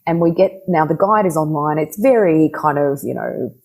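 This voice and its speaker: A woman relationship coach talking in a podcast conversation, animated, laughing often and acting out quoted dialogue. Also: low-pitched, normal speed, vocal fry, poor audio.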